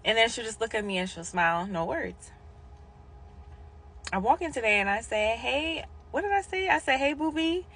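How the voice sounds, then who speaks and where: Woman, casual storyteller vlog, bright voice, animated quote voices, drops to whispers. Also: normal speed, pauses often, husky. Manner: animated, acts out quotes with big pitch jumps and whispers. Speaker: hospice nurse.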